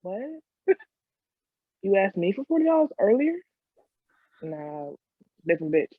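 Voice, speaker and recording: A woman's voice: medium pitch, very animated, a little slow, no echo, narrow, tinny audio. A woman co-hosting a podcast in casual chat, playful and sassy, laughing often. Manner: playful, giggly, sassy slang. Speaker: podcast co-host. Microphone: studio podcast mic.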